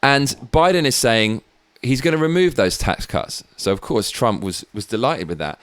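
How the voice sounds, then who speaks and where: A man's voice: mid-range voice, lively intonation, moderate pace, a bit bright, clear, resonant tone, dry recording. A British man hosting his own show, giving blunt, sweary political commentary with rambling asides. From Britain. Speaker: show host.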